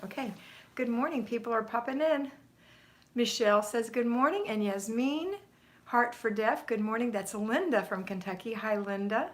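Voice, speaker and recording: A woman's voice: a little high, lively intonation, moderate pace. An American woman hosting a home-organizing livestream, chatting casually and greeting viewers by name, a little out of breath. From United States. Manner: chatty, reads viewer comments aloud and greets them by name. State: slightly out of breath.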